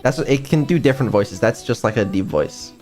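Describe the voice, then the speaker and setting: A man's voice: mid-range voice, animated, a little fast, a little mellow. A man streaming casually as a developer, hesitant and full of ums, with some casual swearing. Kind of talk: casual live-stream chat. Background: faint music.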